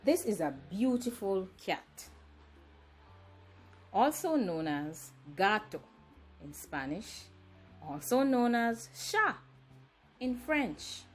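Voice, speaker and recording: A woman from Jamaica with a Jamaican accent, narrating a language lesson as a teacher, speaking slowly and deliberately and enunciating each word. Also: mid-range voice, very animated, faint music behind. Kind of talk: educational tutorial narration.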